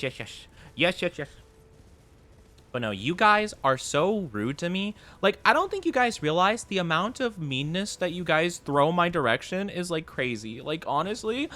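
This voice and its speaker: A young male streamer bickers with his chat, playful and mock-offended. His voice sits slightly high, with a bright, forceful edge. The pitch jumps around a lot as he teases them. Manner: playfully mock-indignant, teasing. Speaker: video game streamer. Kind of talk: casual live-stream chat with viewers.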